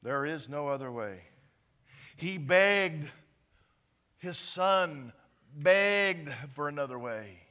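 Male preacher, unhurried delivery, builds from hushed appeals to ringing emphasis. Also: on the high side, lively intonation, smooth. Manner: emphatic preaching, swinging from quiet to loud. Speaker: pastor. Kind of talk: sermon.

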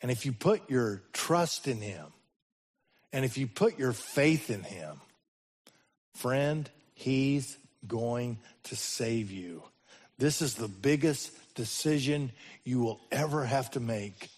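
A pastor preaches a sermon, his mid-range, slightly rough voice animated as it swings from sudden loud rises to slow, hushed drops.

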